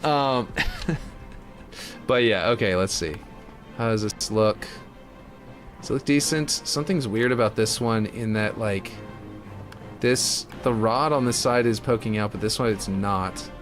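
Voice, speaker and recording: A man's voice: fairly low pitch, unhurried, long pauses, soft background music. A man chatting casually and thinking aloud while he builds a game map, muttering when puzzled. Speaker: map builder streaming his work.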